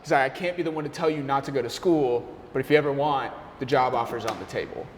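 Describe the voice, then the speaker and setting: A young man, a barista, telling a story in an animated, slangy way, his voice jumping up when he gets excited. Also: medium pitch, fast, slight background noise. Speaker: barista and café worker. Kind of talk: casual storytelling chat. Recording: roomy echo with long reverb, faint ambience.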